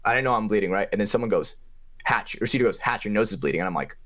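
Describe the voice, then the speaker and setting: A young man with a fairly low voice tells a paintball story on a podcast. He talks loosely and swears a lot, and his pitch leaps up whenever he hits a punchline. His delivery is casual and fired-up. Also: racing. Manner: animated, profane, pitch jumps up for emphasis. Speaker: podcast co-host and paintball player.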